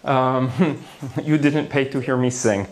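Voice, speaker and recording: Some slight background noise sits under this man's medium-pitched voice as he takes his time. He's a neuroscience lecturer giving a conference talk on the brain to an audience in a hall, playful and theatrical, with gasps, asides and little jokes.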